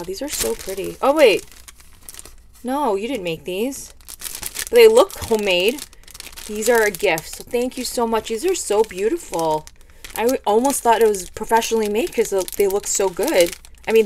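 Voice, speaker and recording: A woman's voice: medium pitch, darkish tone, slight background noise. A woman hosting a craft vlog, gushing and rambling as she unboxes a package of handmade gifts. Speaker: craft video host. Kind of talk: casual unboxing chat.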